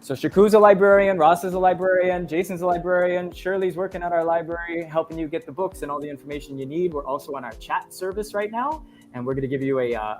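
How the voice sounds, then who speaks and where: A man who is a faculty librarian, hosting a live online session over a video call, energetic and chatty. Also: on the high side. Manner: energetic and chatty, reads off names quickly. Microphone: computer mic on a video call.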